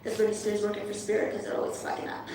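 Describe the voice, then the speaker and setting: A woman's voice: mid-range voice, completely flat delivery, racing, noisy background. A woman doing a profane, punchy stand-up set in a hall. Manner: brash, profane, punchy delivery. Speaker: stand-up comedian. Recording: echoey hall from far off.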